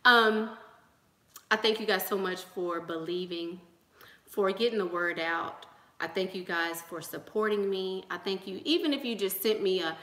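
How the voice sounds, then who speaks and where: A woman's voice: medium pitch, normal speed, pushed and bright, echoey room. A young woman giving an emphatic, sermon-style motivational talk to her channel's viewers, repeating rallying lines. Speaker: YouTube channel host.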